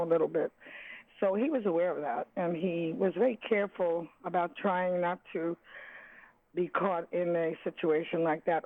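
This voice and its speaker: An older woman, a jazz singer, reminiscing in an interview, halting and searching for words with many restarts. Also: on the low side, no echo. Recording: tinny phone line.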